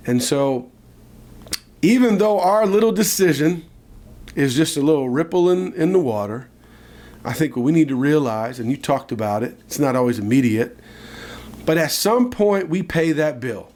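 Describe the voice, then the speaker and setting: A man co-hosting a casual podcast, telling a childhood story with animated asides. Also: a little high, normal speed. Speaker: podcast co-host.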